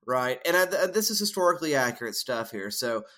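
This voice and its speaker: A man's voice: medium pitch, very animated, brisk, a bit bright. A man co-hosting a casual film discussion, explaining ideas at length in a thoughtful way with frequent fillers. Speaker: podcast co-host.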